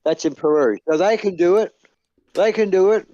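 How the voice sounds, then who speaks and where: A man with an Australian accent, co-hosting a livestream, rambling in halting casual political chat. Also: high-pitched, dark tone, no room sound, muffled recording. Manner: rambling, halting, spells words out. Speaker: livestream co-host.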